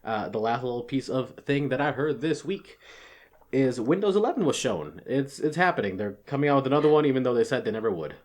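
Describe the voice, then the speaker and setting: A man's voice: medium pitch, big pitch swings, fast. A man co-hosting a casual podcast, laid-back and laughing often, swearing now and then. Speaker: podcast co-host. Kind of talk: casual chat.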